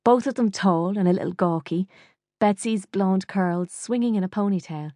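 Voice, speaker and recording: A woman's voice: medium pitch, moderate pace, warm tone, no room sound. A woman with an Irish accent narrating a novel in the first person, wry and dry. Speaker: audiobook narrator. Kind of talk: scripted narration.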